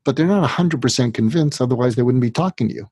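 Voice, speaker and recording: A man's voice: medium pitch, fast talker, a little mellow, breathy edge, no echo. A man, a psychiatrist, being interviewed, who explains his method step by step and now and then acts out what a troubled patient might say. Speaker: psychiatrist guest.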